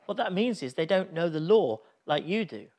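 A man's voice: high voice, lively intonation, normal speed, a little mellow. A man preaching a sermon, telling a Bible story in an earnest, reflective way.

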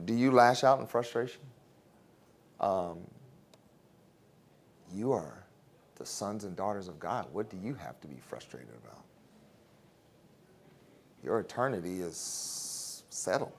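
A man teaching a Bible class in a casual, conversational way, with chuckling asides, ending in prayer. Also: medium pitch.

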